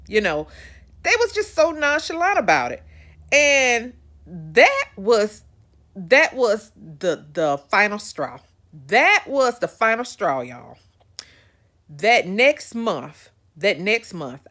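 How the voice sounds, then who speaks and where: A woman hosting a podcast, telling a personal story to her listeners in an animated way, repeating phrases for emphasis. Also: medium pitch. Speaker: podcast host.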